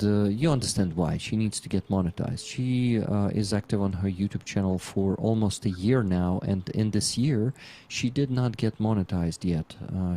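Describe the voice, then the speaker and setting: Low, mellow-voiced man. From Ukraine. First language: Russian. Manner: earnest, halting, with many fillers. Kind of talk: casual livestream chat.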